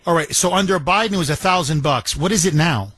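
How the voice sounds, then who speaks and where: Chatty talk radio host, dry close mic. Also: male voice, a little high, fast talker, fairly bright tone, husky, no room sound. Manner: chatty, folksy, interrupts callers.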